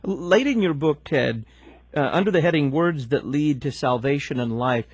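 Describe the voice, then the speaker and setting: A man hosts a radio talk show, running through upcoming segments and putting questions to his guest in a smooth, practiced announcer's manner. His voice has a slightly husky edge, and the sound is close and dry. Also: fairly high pitch, moderate pace, dry recording, dull audio.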